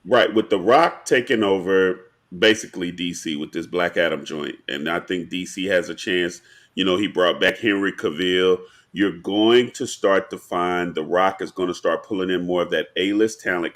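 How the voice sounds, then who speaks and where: A man co-hosting a casual pop-culture podcast, explaining his points at length in an animated, slangy way. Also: low voice, moderate pace. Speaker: podcast co-host.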